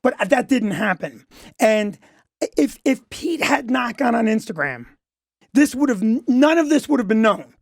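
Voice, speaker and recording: A man's voice: very high-pitched, big pitch swings, measured pace, gravelly, no echo, studio quality. A middle-aged man, a comedy club owner, talking as a guest on a radio show and defending himself emphatically, often saying "listen" and "okay". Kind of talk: talk radio interview.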